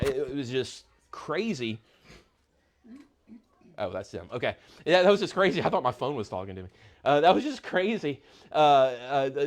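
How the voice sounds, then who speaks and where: Man, 50s, Bible class teacher; casual and halting, lots of repeats. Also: medium pitch. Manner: halting, repeats words and restarts often.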